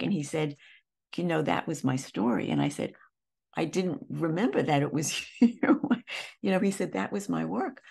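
Gravelly-voiced older woman telling stories. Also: extremely low pitch. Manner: warm, animated anecdotes with many restarts. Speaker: therapist and teacher, interview guest. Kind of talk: conversational storytelling.

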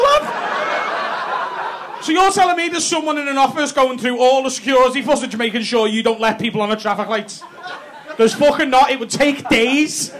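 Scouse comedian, high voice, cheeky sweary banter w the crowd, club noise all round. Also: male voice, moderate pace. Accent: Liverpool. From Liverpool, England. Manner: brash, sweary, teasing banter. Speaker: stand-up comedian. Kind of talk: stand-up crowd work. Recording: live club with audience noise.

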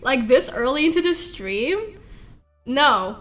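A woman's voice: high-pitched, sing-song, slow pace, pauses often, fairly bright tone, soft background music. A woman streaming a game, chatting casually in a rambling, giggly way and laughing often. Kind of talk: casual live-stream chat while playing.

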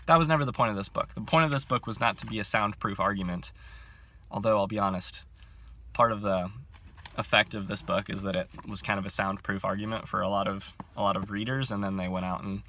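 A young man in his twenties chatting to camera about books, excitable and self-mocking, with frequent laughs, filming on a handheld phone. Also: fairly low pitch. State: overcaffeinated. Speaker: book vlogger. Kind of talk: casual chat to camera.

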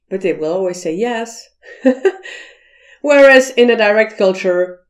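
Slow, deliberate woman teaching to camera. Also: medium pitch, animated. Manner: slow, deliberate explaining, acting out quoted voices. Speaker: cross-cultural communication teacher. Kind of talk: explanatory video lesson to camera.

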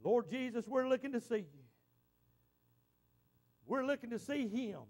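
A man's voice: extremely high pitch, animated, unhurried, a little mellow. A middle-aged man preaching a folksy, exclamatory sermon to his church congregation, often repeating himself. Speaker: pastor. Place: church sanctuary.

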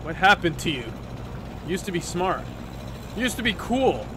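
A resentful young crocodile woman with a cutting, blunt delivery, as a man reads her lines plainly. The voice is somewhat high and bright. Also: very animated, moderate pace, slight background noise. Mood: bitter. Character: bitter, sharp-tongued young woman crocodile.

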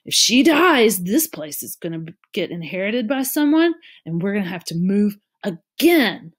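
A woman's voice: medium pitch, big pitch swings, normal speed. A woman reading a storybook, voicing a blunt, bossy thirteen-year-old girl who speaks sharply. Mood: knowing.

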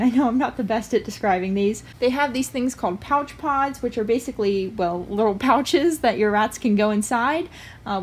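A woman's voice: fairly high pitch, breathy edge. A woman hosting a pet channel, chatting casually through a product review with frequent filler sounds.

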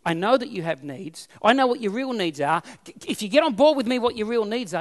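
A man's voice: high voice, lively intonation, brisk, few pauses, big-room sound. An Australian man preaching a sermon as pastor, emphatic and repeating his key phrases.

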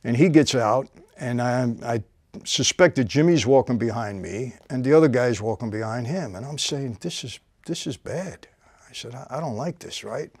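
A man tells a gripping story from his own life in easy conversation. His voice sits at a middle pitch and often sinks low and quiet as the tension builds. The recording is close and dry, in a studio setting. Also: moderate pace, breathy edge, no room sound. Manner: vivid storytelling, drops to a low quiet voice for tense moments. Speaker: host telling a personal story.

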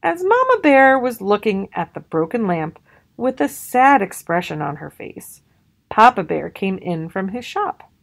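Slow, gravelly-voiced woman reading aloud. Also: medium pitch. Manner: expressive, storytelling. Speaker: storybook reader. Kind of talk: children's read-aloud narration.

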